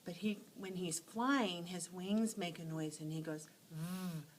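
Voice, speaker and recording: A woman teacher telling short animal stories to teach letter sounds, acting out each sound with lively expression. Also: fairly low pitch, a little slow, slight background noise, poor audio. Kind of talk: phonics lesson storytelling.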